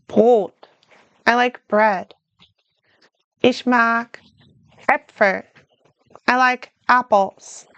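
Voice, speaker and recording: A woman teaching a beginner language lesson, modeling short phrases slowly and then explaining them in plain words. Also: a little high, fairly bright tone, clean tone, dry recording. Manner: speaks slowly and carefully, models German phrases then translates. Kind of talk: slow, clear beginner lesson.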